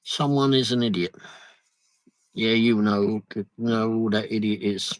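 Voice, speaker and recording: Man, live-stream host, slow unhurried talk, dry close sound, casual chatter, mutters asides. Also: lowish voice, dry recording, poor audio. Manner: chatty, reads out viewer comments, muttering asides. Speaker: livestream host. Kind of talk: casual live chat while travelling. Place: in a vehicle on the road.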